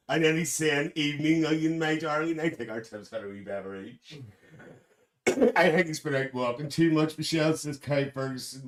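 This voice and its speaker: This man hosts his live stream as a cheeky older auntie who gossips, laughs frequently, and calls everyone dear. The performance is lightly acted, his voice a little high and a bit bright, picked up by a distant mic.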